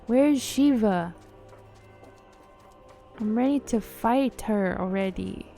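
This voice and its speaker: A woman chatting playfully while she streams a game, joking and laughing at her own voices, over soft music. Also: mid-range voice, slow, creaky. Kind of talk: casual live-stream commentary. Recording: faint game music behind.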